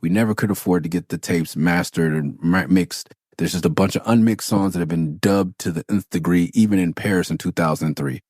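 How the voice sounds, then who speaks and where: Low-voiced profane storyteller, a man. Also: fairly quick, hardly any pauses, dry recording, clean studio sound. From Los Angeles. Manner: profane, animated anecdote-telling. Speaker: podcast host. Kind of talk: casual storytelling.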